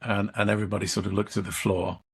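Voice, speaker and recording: Man, middle-aged, coach guest, low pitch, very husky, measured storytelling. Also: level tone. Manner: measured, re-enacts dialogue from a workshop. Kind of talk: storytelling in a podcast interview.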